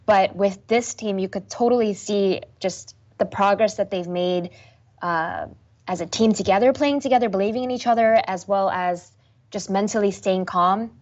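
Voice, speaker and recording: A young woman esports host answering interview questions in an animated, self-deprecating way. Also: mid-range voice, normal speed, lo-fi sound.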